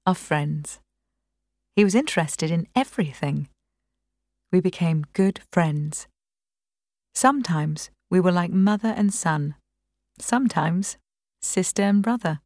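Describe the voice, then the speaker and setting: A woman reading a first-person novel aloud in a calm, measured way. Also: fairly low pitch, no room sound, studio quality. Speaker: narrator. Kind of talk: audiobook reading.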